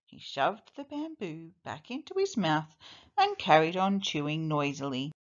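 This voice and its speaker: A woman teacher reading a children's storybook aloud in an expressive, deliberate way. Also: low-pitched, lo-fi sound.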